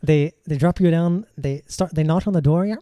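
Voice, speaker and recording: A man's voice: fairly high pitch, moderate pace, warm tone. A man narrating a tabletop game as game master, rambling, with many fillers and restarts.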